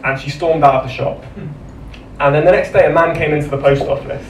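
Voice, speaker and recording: Deadpan comedian in a roomy club. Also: male voice, on the high side. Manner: dry, deadpan delivery with measured pauses. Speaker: stand-up comedian. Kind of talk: deadpan stand-up set. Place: comedy club stage with laughing audience. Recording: roomy live club sound from a distance, audience noise.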